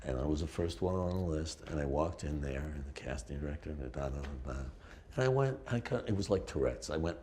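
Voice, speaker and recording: Animated older man, deep voice. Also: quick pace. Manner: animated storyteller, swears freely. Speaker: actor. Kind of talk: casual conversation.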